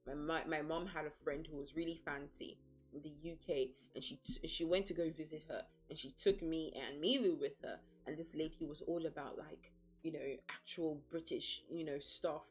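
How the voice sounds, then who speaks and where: In a casual livestream chat, a female VTuber laughs a lot and speaks bluntly, with profanity and playful drama. Her deep voice keeps a fairly even intonation at normal speed, with faint music behind it.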